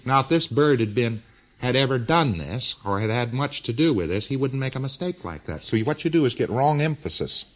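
A man's voice: medium pitch, animated, brisk, lo-fi sound. A man giving an informal lecture in a folksy, emphatic way, with slang and repeated phrases.

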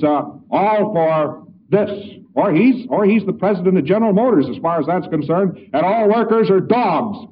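A man giving an informal lecture in a folksy, anecdotal way, acting out both sides of little dialogues. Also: sits high. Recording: tinny lo-fi archival lecture recording, distant mic, faint hiss.

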